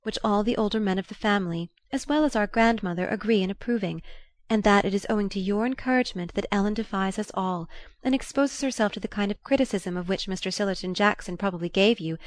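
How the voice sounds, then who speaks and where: A woman reading a novel aloud as an audiobook narrator, in a measured, even manner. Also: medium pitch.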